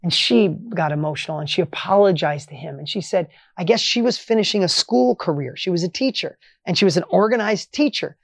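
A man hosting a motivational podcast, telling a coaching story with emphatic energy that swings between loud highs and quiet asides. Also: brisk, gravelly, hardly any pauses, no echo.

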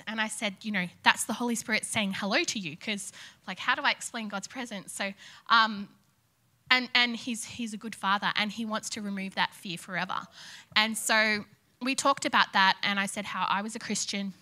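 A pregnant woman sharing an excited, chatty testimony in a church service. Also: medium pitch, normal speed. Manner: enthusiastic, chatty, laughs between lines. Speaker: church speaker. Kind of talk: testimony sermon. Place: church hall.

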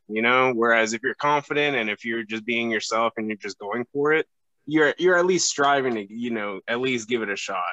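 A young man chatting on a podcast as a guest, halting and full of fillers and restarts. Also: mid-range voice, pushed and bright, no echo, low-quality recording. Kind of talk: casual podcast chat.

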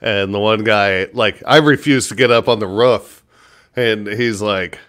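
A man and stand-up comedian, telling a profane story in casual chat and jumping into high voices for other people. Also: unhurried, fairly bright tone.

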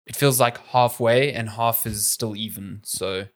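A man's voice: medium pitch, fairly even intonation, unhurried. A man co-hosting a podcast, chatting casually and poking fun at his own habits. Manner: chatty, self-mocking, restarts often. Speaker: podcast co-host. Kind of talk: casual chat.

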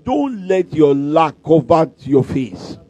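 A man's voice: on the high side, big pitch swings, slow, dark tone, husky, rough recording. A middle-aged male pastor, preaching at a convention with emphatic, repeated declarations and humorous stories. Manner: humorous storytelling.

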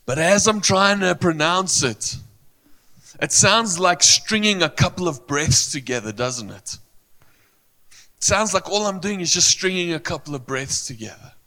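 Male pastor, sermon delivery, unhurried and emphatic, crisp bright tone, long hall echo. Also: high voice, expressive. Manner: earnest, emphatic, repeats phrases, with searching pauses. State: emotional.

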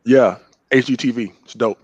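A man's voice: medium pitch, fairly even intonation, normal speed, breathy edge, no echo, lo-fi sound. A man on a casual podcast, giving enthusiastic recommendations with slang. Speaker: podcast co-host. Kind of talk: casual chat among friends.

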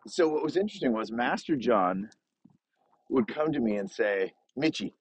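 A man's voice: mid-range voice, animated, normal speed, slightly rough, rough recording. A middle-aged man hosting a podcast while out on a snowy walk, upbeat and chatty with plenty of filler words, coming down with a cold. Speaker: podcast host and coach. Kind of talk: casual solo podcast monologue.

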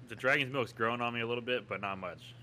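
A man's voice: mid-range voice, fast talker, sharp tone, a little hiss or hum. A man in a casual beer tasting chat, blunt and laughing as he complains.

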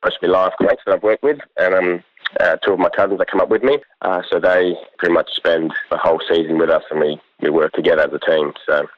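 A young Australian man, a cattle station worker, telling a long story in a relaxed, rambling way and laughing often. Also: low-pitched, fast, narrow, tinny audio. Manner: laid-back, rambling, laughs often, quotes others in lively voices. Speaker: cattle station ringer, guest. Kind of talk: casual storytelling.

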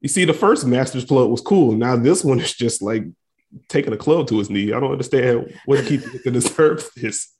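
A man's voice: medium pitch, lively intonation, normal speed, darkish tone. A man co-hosting a casual sports podcast, teasing his partner and asking questions. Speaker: podcast co-host.

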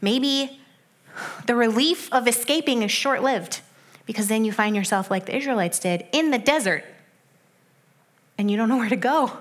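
A young adult woman giving a sermon in a conversational way, with animated asides that drop into soft, hushed stretches. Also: sits high, moderate pace.

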